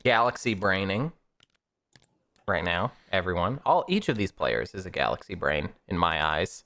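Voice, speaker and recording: A man casting a board game stream, chatty and upbeat, with quick bursts of commentary. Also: low voice, big pitch swings, bright, forceful tone. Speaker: stream caster.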